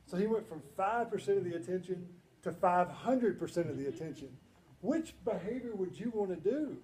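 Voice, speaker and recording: Speaking at a moderate pace in a high voice, a banquet speaker gives a conversational, humorous talk built on stories. He animates the voices of people he quotes, and the hall sounds echoey with faint ambience.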